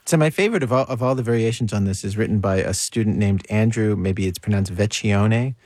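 Low-voiced radio host guy, laid back, dry studio sound. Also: a little fast, a little mellow, no echo. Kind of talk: scripted radio presenting and chat.

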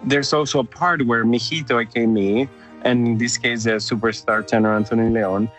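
An eager man with a Mexican Spanish accent talks in a loose, casual interview, starting sentences over as his enthusiasm runs ahead of him. His pitch sits in a middle range, and soft music plays faintly underneath. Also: fairly even intonation, normal speed. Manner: enthusiastic, restarts often, sings out demonstrations. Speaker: opera company director, interviewee.

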